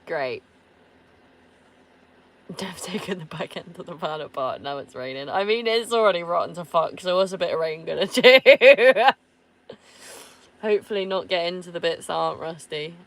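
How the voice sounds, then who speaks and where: A woman's voice: fairly low pitch, moderate pace, pauses often. A woman chatting casually to her viewers in a camper van. She laughs often and swears offhandedly. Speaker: van-life vlogger. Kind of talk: casual chat answering viewers.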